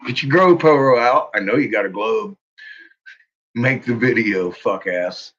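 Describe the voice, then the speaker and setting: A man's voice: lowish voice, measured pace, a bit bright. A man hosting a casual, mocking commentary, swearing freely and breaking into laughter as he ridicules what he watches. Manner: profane, laughs often, ridiculing. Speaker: channel host. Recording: muffled lo-fi audio.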